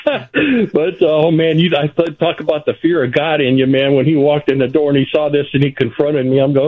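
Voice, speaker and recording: An older man, a former ballplayer, calls in to a radio show and tells animated stories, laughing often. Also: mid-range voice, brisk, husky. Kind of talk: phone-in radio interview storytelling. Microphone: phone. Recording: tinny phone line.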